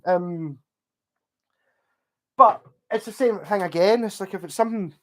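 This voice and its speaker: Rambling Scottish man, slightly high voice. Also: a little slow. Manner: rambling, with frequent restarts and swearing. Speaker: livestream host. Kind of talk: casual livestream chat.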